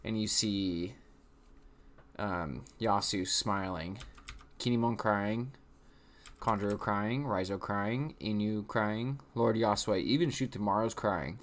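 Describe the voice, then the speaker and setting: A man's voice: lowish voice, slow pace. A young man giving casual live commentary on a comic chapter, talking loosely with lots of "like". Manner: casual, loose phrasing with frequent "like". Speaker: reaction video host.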